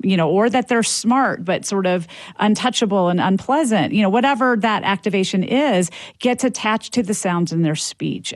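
Expert guest, woman; lively, explanatory, dry studio voice. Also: medium pitch, no room sound. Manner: fluent, explanatory, lively, with emphatic rises. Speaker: linguistics professor, guest. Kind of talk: radio interview.

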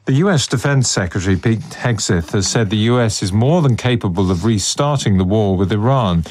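A man reads a news bulletin in a measured, formal delivery. His voice sits fairly low and stays steady throughout. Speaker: newsreader.

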